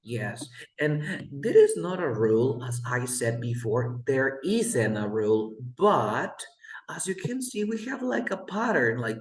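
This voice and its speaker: Slow, patient male English tutor. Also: medium pitch, very animated. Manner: patient, repeats words slowly for the student. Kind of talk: online one-on-one English lesson. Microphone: video call. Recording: roomy echo.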